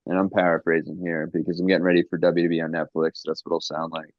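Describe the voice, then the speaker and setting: Deep voiced guy rambling on a podcast, swears a lot, kinda dull muffled sound. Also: little pitch movement, fast, few pauses, no echo. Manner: loose, profane, rambling with jokey asides. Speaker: podcast co-host. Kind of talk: casual chat.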